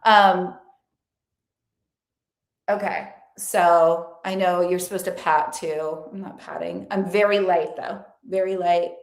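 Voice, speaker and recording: A woman's voice: lowish voice, steady tone, takes it slowly. Woman vlogger, earnest and chatty, talking to camera in an echoey room. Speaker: lifestyle and faith vlogger. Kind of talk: casual motivational talk to camera.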